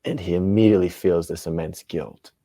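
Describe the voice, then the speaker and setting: Brief: man in his thirties, very low and mellow voice, dry close sound, animated storyteller. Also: a little fast, no echo. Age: 30s. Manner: animated, self-deprecating, laughs often. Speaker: guest. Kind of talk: casual interview storytelling.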